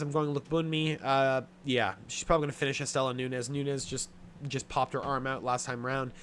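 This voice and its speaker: A man's voice: medium pitch, fairly bright tone, slight background noise. A young man hosting a sports betting show, running through his picks in a blunt, casual way with plenty of swearing and filler words. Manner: blunt, profane, offhand with many fillers. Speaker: sports betting podcast host.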